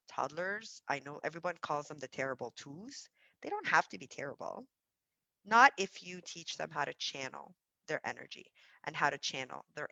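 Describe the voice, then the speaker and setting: A woman who runs a childcare centre, explaining early childhood development to parents in an animated, emphatic way. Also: low voice, gravelly, dry recording, poor audio. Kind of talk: parenting talk to camera.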